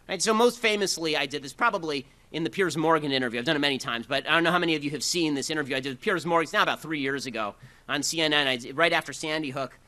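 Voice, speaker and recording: A man delivers a political speech in a combative, rapid-fire way, dropping sarcastic asides. His voice is fairly high and sharply bright, with a forceful edge. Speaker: public speaker.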